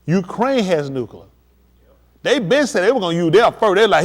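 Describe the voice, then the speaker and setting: A man preaching on a livestream, emphatic and addressing his listeners directly, building to excited peaks. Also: high voice, moderate pace. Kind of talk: livestream preaching on world events.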